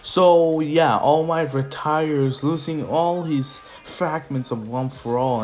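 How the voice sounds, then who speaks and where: A young man retelling a story in a casual, rambling way, full of fillers and offhand asides. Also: fairly high pitch. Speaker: YouTuber. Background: faint music.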